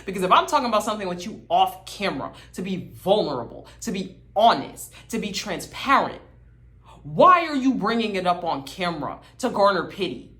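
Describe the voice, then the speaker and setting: A woman's voice: mid-range voice, sing-song, a little fast, sharp tone. A woman hosting a casual TV recap, talking in a sassy, gossipy, dramatic way. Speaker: host.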